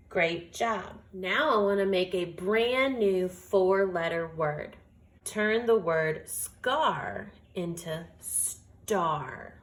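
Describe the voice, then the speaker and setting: A woman teaching a phonics lesson, speaking slowly and carefully and sounding out each word. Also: lowish voice. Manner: slow, deliberate, sounds out words.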